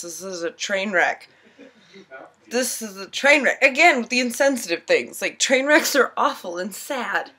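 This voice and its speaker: A woman's voice: medium pitch, fairly bright tone, husky. A tipsy young woman filming a casual baking tutorial in her home kitchen, giggly, rambling and self-mocking.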